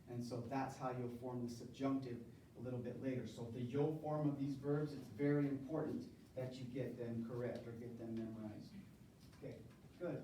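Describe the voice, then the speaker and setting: Heard from far off in an echoey classroom, a man leads a call-and-response Spanish lecture at a university, running his students through verb conjugations. His mid-range voice is mellow, with a slight hiss or hum in the audio.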